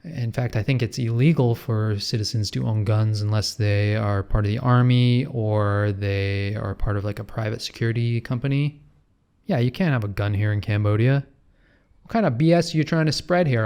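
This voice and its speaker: A man's voice: fairly low pitch, steady tone, moderate pace, a little mellow, clean tone. A man from Canada with a Canadian accent, talking in a casual, chatty vlog style with sarcastic asides. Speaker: travel vlogger.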